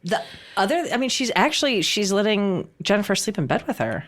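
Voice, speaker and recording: A woman's voice: medium pitch, big pitch swings, fairly quick, a bit bright. A woman in casual podcast chat, talkative and a little hesitant. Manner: chatty, hesitant with "um"s.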